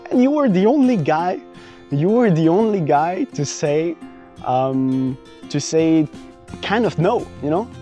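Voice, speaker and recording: A young man from France telling a personal travel story in a casual, animated vlog, full of fillers and restarts. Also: fairly high pitch, measured pace, faint music behind. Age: young adult. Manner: animated, many fillers and restarts, acts out his own past lines. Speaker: vlogger.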